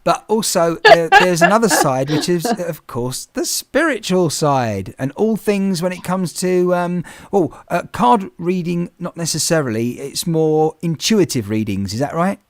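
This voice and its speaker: A man's voice: high voice, big pitch swings, a little slow, hardly any pauses, no echo, clean studio sound. A man hosting a podcast, chatty and rambling, with many restarts. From England. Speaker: podcast host. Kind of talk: casual interview chat.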